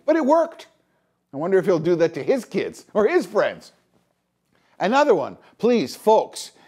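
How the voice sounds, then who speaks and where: A man's voice: sits high, huge pitch swings, measured pace, a little mellow, husky. A middle-aged man from Canada hosting a podcast, delivering a scolding, exasperated opinion monologue. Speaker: podcast host.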